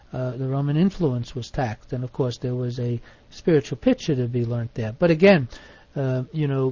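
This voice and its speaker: A man teaching in an online Bible study, measured, stressing single words, with many fillers. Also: mid-range voice, dark tone, dry recording, highs cut off.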